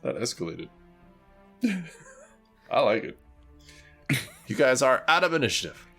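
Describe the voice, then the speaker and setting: A man narrating and ruling as game master of a tabletop game, animated and quick to laugh, with faint music underneath. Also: mid-range voice. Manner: animated, laughs often, voices creatures.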